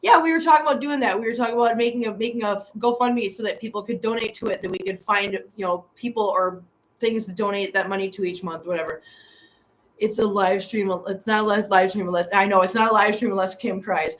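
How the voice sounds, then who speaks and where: Speaking fast at a medium pitch, this middle-aged channel host is live streaming from a hotel room. Her talk to viewers is earnest and heartfelt, punctuated by frequent laughter, on a low-quality recording.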